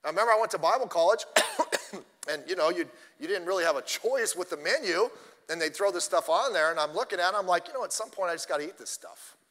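A male pastor preaching a sermon, telling stories in an animated way and addressing the congregation directly. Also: high voice, fast, big-room sound.

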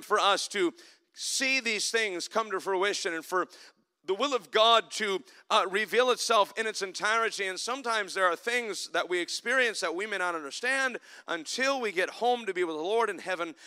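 A man preaching a sermon in church, climbing to loud emphatic passages and dropping to soft, reflective asides. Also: high voice, normal speed, clear, resonant tone. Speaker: pastor.

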